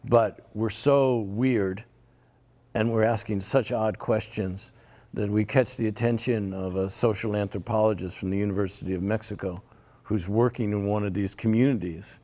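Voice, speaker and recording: A man's voice: lowish voice, steady tone, normal speed, mellow. An older man telling a long personal story in a rambling conversational way, repeating words and laughing often. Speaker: interviewee.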